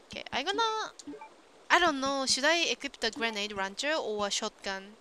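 A woman with a Japanese accent streams a game and comments casually, reacting to her chat in simple non-native English and exclaiming at events on screen. Her slightly high voice is animated, pushed, and bright at a moderate pace, with slight background noise.

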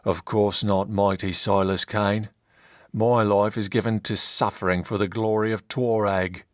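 A man voicing a brutal former slave chief in an audiobook, speaking slowly and deadpan about savage deeds. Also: on the low side, dry recording, clean studio sound, lightly acted. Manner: slow, deadpan, matter-of-fact cruelty.

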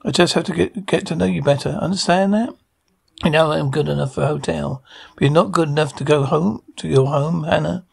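A controlling, quietly menacing suitor from a horror series. His voice is heavily gravelly with a touch of fry, sitting a little higher than most men's. He speaks smoothly, with a cold, possessive edge. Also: steady tone, brisk, full character voice. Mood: coaxing, menacing. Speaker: actor in a horror anthology series.

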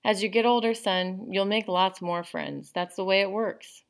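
A woman reading a novel aloud to a class, voicing a stern but loving 1940s father who scolds firmly and then comforts gently. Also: medium pitch, fairly even intonation, normal speed, vocal fry, voice pushed up, lightly acted. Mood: reassuring.

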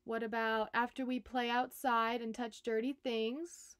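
A woman, a nurse, reading a children's picture book aloud, expressive and speaking directly to young listeners. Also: a little high, unhurried, clear, resonant tone, no echo. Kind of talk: storybook read-aloud for children.

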